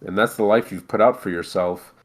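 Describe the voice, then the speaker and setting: A man's voice: lowish voice, fairly quick. A man from Montreal co-hosting a casual chat, rambling with many restarts and fillers. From Montreal, Canada. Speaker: co-host.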